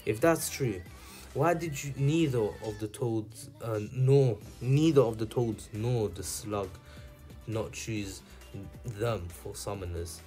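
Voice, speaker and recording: A man's voice: lowish voice, slow pace, warm tone, faint music behind. A man reading as a taunting snake-like ninja. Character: smug snake-like male ninja mentor.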